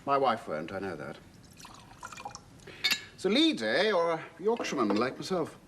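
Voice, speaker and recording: A world-weary veteran writer. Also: male voice, medium pitch, huge pitch swings, background noise. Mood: conversational. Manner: measured, world-weary, philosophical. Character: middle-aged Yorkshire writer, war veteran, cynical. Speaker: host sheltering a stranger.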